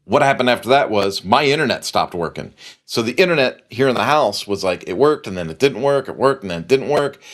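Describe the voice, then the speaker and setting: A man's voice: medium pitch, expressive, fairly quick, a bit bright. A middle-aged man hosting a podcast, telling a long story in a casual, rambling way and repeating phrases for emphasis. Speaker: podcast host.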